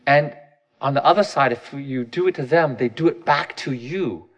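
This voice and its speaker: A man's voice: mid-range voice, moderate pace, muffled recording. A man in his thirties giving a candid, self-deprecating personal talk, often restarting his sentences.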